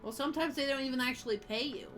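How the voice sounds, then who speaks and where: A woman's voice: high voice, rapid-fire, fairly bright tone, a little hiss or hum. A woman chatting casually while streaming a game, reacting with dry amusement. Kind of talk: casual chat while gaming.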